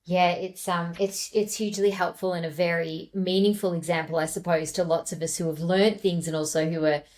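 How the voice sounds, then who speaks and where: A woman's voice: lowish voice, fairly even intonation, brisk. A woman hosting a podcast interview, thinking aloud in a reflective way and often affirming her guest. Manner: reflective, warm listener, many affirming murmurs. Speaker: podcast host.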